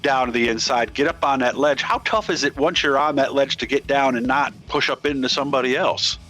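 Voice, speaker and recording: A male race host runs a relaxed post-race interview. His tone is bright and forceful, his talk is friendly and conversational, and his pitch sits in the middle. Faint music plays in the background. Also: brisk. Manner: chatty and friendly, asks leading questions.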